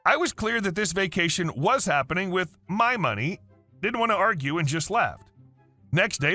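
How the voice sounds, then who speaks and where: Male narrator, bright tense tone, steady story-reading delivery. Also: high-pitched. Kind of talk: reading online stories aloud.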